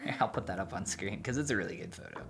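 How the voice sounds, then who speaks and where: A man's voice: lowish voice, lively intonation, fast, vocal fry, a bit bright, soft background music. A man chatting casually and teasing his co-host while they draw together. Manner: playful, teasing, jokey. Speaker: co-host drawing with a partner. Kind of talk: casual chat while drawing.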